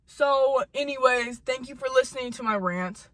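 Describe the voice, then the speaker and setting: A young woman with a bright, sharp tone rants about her day in a casual storytime vlog. She talks heatedly, swears freely, and repeats lines over and over to hammer them home. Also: normal speed, no echo. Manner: mimics coworker in high sing-song voice. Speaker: vlogger telling a work story.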